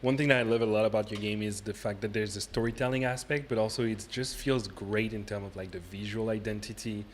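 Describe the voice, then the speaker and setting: An upbeat, chatty man hosts a casual livestream conversation with guests at a convention venue, reading out chat messages as he goes. His voice is fairly low and fairly even in intonation, fast with hardly any pauses, and there's slight background noise.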